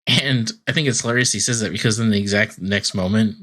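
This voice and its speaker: A man's voice: lowish voice, quick pace, a bit bright. A man co-hosting a podcast, casually recapping a cartoon episode in a rambling way full of "like" fillers. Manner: rambling storytelling, many "like" fillers, acting out quotes. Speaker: podcast co-host.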